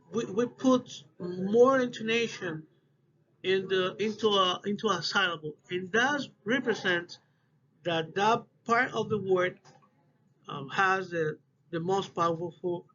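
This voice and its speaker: Halting high-voiced man giving a class talk. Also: fairly bright tone. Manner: halting, restarts phrases, non-native English phrasing. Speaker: student presenter. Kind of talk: class presentation on phonetics. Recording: dull lo-fi audio with faint hiss.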